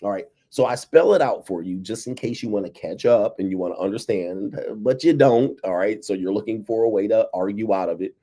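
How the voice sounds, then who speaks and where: An American man talks casually to his livestream audience, his low voice dark and mellow. He drops "all right" between nearly every phrase and chuckles to himself as he goes. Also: brisk, few pauses. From United States. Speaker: livestream host. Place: abroad, indoors.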